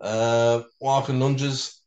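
A man co-hosting a podcast from a bedroom, talking in a sweary, self-mocking, halting way full of fillers. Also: mid-range voice, flat delivery, a little mellow, roomy sound, highs cut off. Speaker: podcast co-host. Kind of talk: casual chat.

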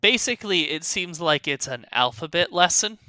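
Man game master, bright voice, halting narration, dry close sound. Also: fairly high pitch, expressive, no room sound. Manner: halting, many fillers.

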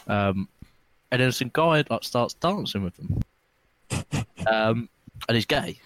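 A man's voice: takes it slowly, no room sound. A young man telling a rambling, laughing pub-style story among friends. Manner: rambling, laughing, slangy, lively swings in pitch. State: drinking. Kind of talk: casual chat, storytelling.

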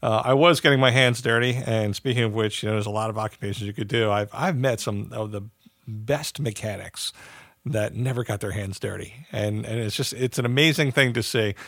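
A man's voice: fairly low pitch, a little fast, creaky, fairly bright tone, no room sound, studio quality. A man hosting an interview, talking in a loose, conversational way. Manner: conversational, rambling with fillers. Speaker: host, interviewer.

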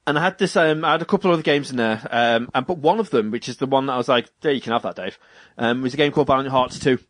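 A young British man co-hosts a podcast, chatting casually in a medium-pitched voice at a very fast clip with no echo. He rambles through stories, acts out what people said, and laughs often.

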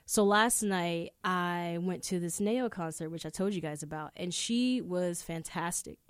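Speaking unhurriedly in a fairly low, clear and resonant voice, a woman from New York hosts a casual solo podcast in a studio. Her chatty storytelling rambles and is heavy on profanity, and the recording is dry.

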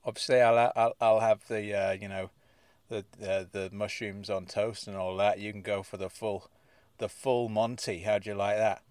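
A man's voice: fairly low pitch, level tone, normal speed, darkish tone, smooth, no room sound. A man hosting a casual comedy podcast, rambling and hesitant with many restarts. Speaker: podcast host.

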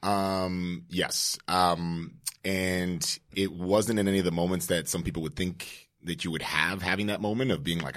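A young man with a very deep, low-pitched voice, chatting casually on a podcast as a fitness coach. He is laid-back and peppers his talk with fillers and casual swearing. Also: steady tone, measured pace, hardly any pauses.

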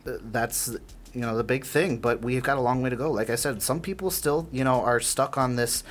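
A man's voice: mid-range voice, a little fast, a little hiss or hum. A man speaking as a podcast guest in casual conversation, earnest and filling his speech with "you know.". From United States.

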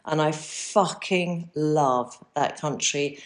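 A woman's voice: low voice, slow. A middle-aged woman from the UK hosting a podcast, bubbly and exclamatory, with some swearing. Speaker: podcast host. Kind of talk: casual interview chat.

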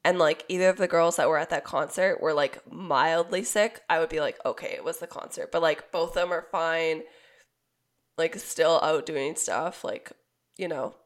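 A young woman co-hosting a podcast, hoarse and raspy from being sick, telling a rambling story with laughs. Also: deep voice, normal speed. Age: young adult. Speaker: podcast co-host. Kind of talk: casual chat.

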